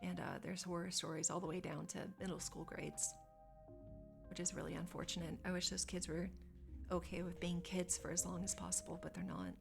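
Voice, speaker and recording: A woman's voice: on the low side, little pitch movement, a little fast, creaky, over music. A woman streamer in casual chat, reading and answering her chat with chatty, squeamish asides.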